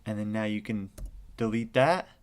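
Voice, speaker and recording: A man hosting a casual software tutorial, talking loosely and often checking in with "right?" as he goes. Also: fairly low pitch, moderate pace, clean tone. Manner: casual, repeats "right?" and "what you wanna do". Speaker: video tutorial host. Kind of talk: casual screen-recorded tutorial.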